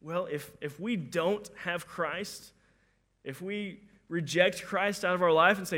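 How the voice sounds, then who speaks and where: A man preaching a sermon in a conversational, animated way, acting out the quotes and often repeating words as he starts. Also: sits high, a little slow.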